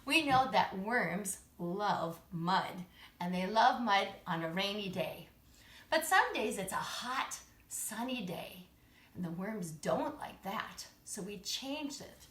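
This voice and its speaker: A woman's voice: medium pitch, animated, takes it slowly, a bit bright. A woman teaching children's music and movement in a cheerful, encouraging, sing-song way, indoors. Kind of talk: live-streamed lesson with chants. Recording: roomy echo.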